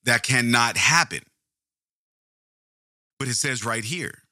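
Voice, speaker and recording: A man's voice: medium pitch, lively intonation, slow, long pauses, bright, forceful tone, dry recording, clean studio sound. A man hosting a casual true-crime podcast, rambling, interrupting himself and swearing casually. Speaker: podcast host.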